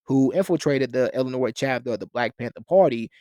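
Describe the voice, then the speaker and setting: A man's voice: mid-range voice, brisk, mellow, no echo. Man lecturing in a dry, close sound. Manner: talks in long explanatory sentences with restarts and fillers. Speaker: lecturer on a philosophy channel. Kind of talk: explanatory history lecture.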